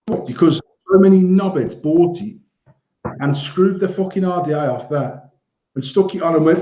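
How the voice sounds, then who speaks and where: A man co-hosting a casual podcast chat, animated and swearing, laughing often. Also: high-pitched, moderate pace. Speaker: podcast co-host. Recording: roomy, dull lo-fi sound.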